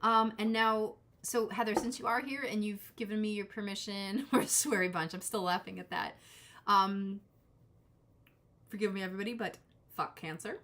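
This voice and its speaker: Woman doing a live tarot stream, rambly casual chat, jokes at herself, medium pitch. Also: steady tone, normal speed, fairly bright tone. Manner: rambling, self-deprecating, chatty with frequent asides.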